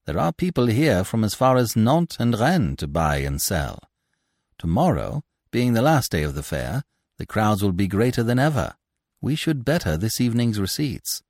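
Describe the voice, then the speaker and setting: A man reading a calm, shrewd young doorkeeper. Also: fairly low pitch, normal speed, no echo, studio quality. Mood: reassuring.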